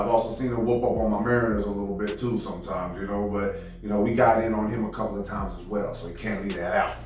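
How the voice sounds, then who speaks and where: A man's voice: lowish voice, very echoey, recorded from a distance, rough recording. A man hosting a reaction video, talking in a laid-back, rambling way full of fillers. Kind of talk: casual reaction commentary.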